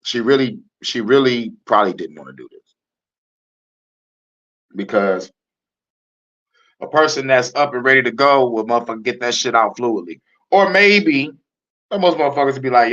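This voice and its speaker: Bright-voiced man ranting in a reaction video. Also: a little fast. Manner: loud, laughing, swearing, swings into high mocking repeats. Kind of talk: profane, animated reaction commentary. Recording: muffled lo-fi audio.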